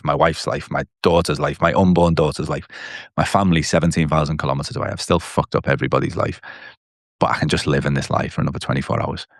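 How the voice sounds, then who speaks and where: Deep, gravelly-voiced man, guest on a podcast, blunt personal storytelling, dry close sound. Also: dry recording. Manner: candid, blunt storytelling with swearing.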